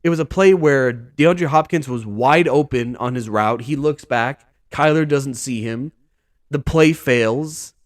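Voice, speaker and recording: A man's voice: mid-range voice, measured pace, no echo, studio quality. A man hosting a sports vlog, talking in a casual, rambling monologue full of "dude" and "bro".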